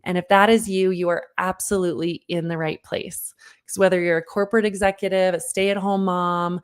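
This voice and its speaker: A woman in her thirties, a parenting coach, giving an online workshop talk and telling a personal story with lively, earnest direct address to the listener. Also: on the low side, moderate pace, clear, resonant tone. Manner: lively storyteller who acts out her own past lines.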